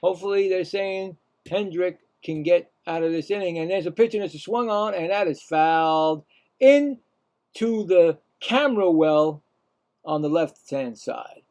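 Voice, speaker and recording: A man calling a baseball game live in a loose, rambling way, talking to himself between pitches. His voice sits high for a man and carries a gravelly rasp. On the big calls he jumps up in pitch. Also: moderate pace, a little mellow, lo-fi sound. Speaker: play-by-play commentator. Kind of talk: casual live baseball play-by-play.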